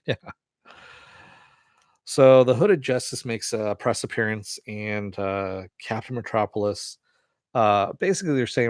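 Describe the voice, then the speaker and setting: Low-voiced man recapping casually. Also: a little slow, no room sound, clean studio sound. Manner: rambling retelling with many fillers. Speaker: TV episode reviewer.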